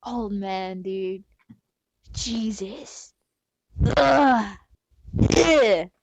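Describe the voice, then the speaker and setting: A young woman on a casual podcast, telling a story in an animated rant full of swearing. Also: medium pitch, very slow, no room sound. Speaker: podcast panel member.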